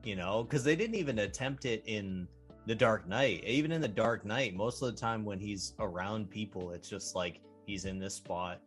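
A young man co-hosting a movie podcast in casual chat, animated and breaking into silly impressions. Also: lowish voice, moderate pace, soft background music. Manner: animated, does goofy impressions of film lines. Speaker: podcast co-host.

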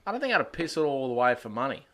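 A man thinking out loud in a casual podcast chat, hesitant and restarting his sentences. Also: medium pitch, very animated, fast talker. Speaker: podcast co-host. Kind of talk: casual banter.

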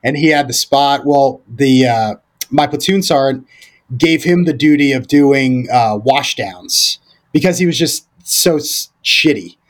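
A man's voice: medium pitch, unhurried. A man, a former Marine, talking as a podcast guest in a loose, rambling way, full of fillers, restarts and casual swearing. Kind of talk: casual storytelling conversation.

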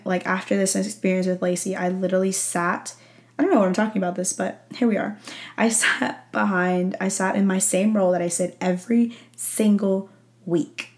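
A young woman hosting a podcast speaks in a low, gravelly voice. She tells a personal story in easy, chatty talk, laughs often and leans on "like" as a filler. She sounds a little teary but keeps talking. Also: a little mellow. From Texas. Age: young adult. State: teary-eyed. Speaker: podcast host. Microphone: audio-only recording.

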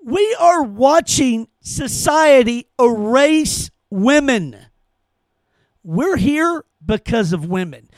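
A man with an unusually high voice rants hard, cursing and hammering the same words over and over. His pitch jumps all over as he gets worked up, and the sound is dry and close with no room around it. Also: expressive, slow, no echo. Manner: heated, cursing, emphatic repetition. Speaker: podcast host. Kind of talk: angry opinion rant.

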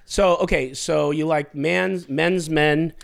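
A man's voice: a little high, fairly even intonation, takes it slowly, vocal fry, smooth. A man hosting a podcast, asking joking, probing questions in a casual interview chat. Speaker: podcast host.

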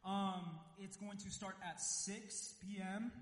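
A man's voice: sits high, flat delivery, slow, echoey room, in a large hall. A man giving a joking church announcement with many fillers and restarts. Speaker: church volunteer announcing youth events. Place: church sanctuary.

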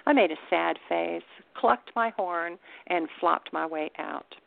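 A woman author reading her own first-person story in a wry, deadpan way. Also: lowish voice, slow, vocal fry. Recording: dry, tinny phone line.

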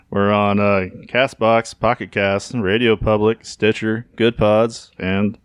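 A man hosting a casual podcast, laid back and quick to crack jokes and laugh. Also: on the low side, flat delivery, clear, resonant tone, no room sound, studio quality. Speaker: podcast host. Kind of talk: casual chat.

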